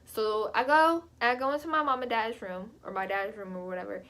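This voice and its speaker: High-voiced young woman telling a story. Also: a little fast. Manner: animated, jumps high when quoting herself; chatty, frequent fillers. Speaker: vlogger. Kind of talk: casual storytime.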